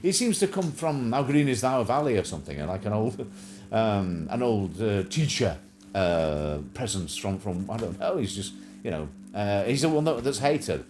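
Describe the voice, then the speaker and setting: A man's voice: lowish voice, big pitch swings, normal speed, darkish tone, slight background noise. A man hosting a casual livestream chat show, rambling and joking with plenty of fillers and restarts.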